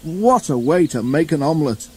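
A man's voice: on the high side, expressive, normal speed, slight background noise, voice pushed up, natural voice. A man voicing a worried male farmer who mutters ruefully.

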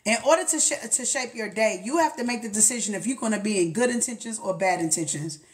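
A woman's voice: medium pitch, fast. A woman giving a casual motivational talk, blunt and profane, often laughing as she talks to herself. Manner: blunt and profane, swears freely. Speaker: spiritual motivational speaker.

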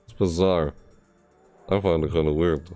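A man's voice: deep voice, fairly even intonation, moderate pace, dark tone, soft background music. A tired man streaming a video game, mumbling and rambling to himself in casual commentary. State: tired, yawning.

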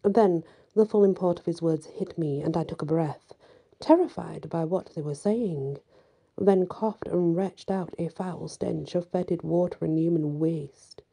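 A woman reading a story aloud as a storyteller, with soft narration that drops to a whisper at times. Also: lowish voice, unhurried, vocal fry, breathy edge.

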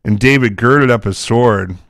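A man's voice: medium pitch, measured pace, a bit bright, dry recording, clean studio sound. A man teaching from the Bible, reading scripture aloud and breaking into casual, chatty asides.

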